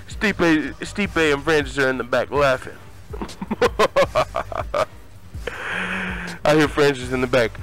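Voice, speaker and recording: A man's voice: medium pitch, unhurried, soft background music. A man who hosts an online fight channel, telling a crude comedic story with lots of swearing and laughter. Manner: profane, animated, laughing often. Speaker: MMA YouTube host.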